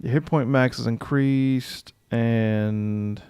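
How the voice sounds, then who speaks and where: A man's voice: medium pitch, steady tone, takes it slowly, a little mellow, smooth, no room sound. A man chatting casually on a livestream as he builds a game character, thinking aloud, reading rules text and answering his chat.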